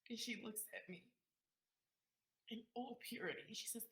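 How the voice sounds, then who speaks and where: A woman's voice: medium pitch, fairly quick. Emphatic woman from Queens, echoey room. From Queens, New York, USA. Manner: emotional, emphatic, swings from loud to hushed. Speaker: guest, community activist. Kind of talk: heartfelt personal storytelling in conversation.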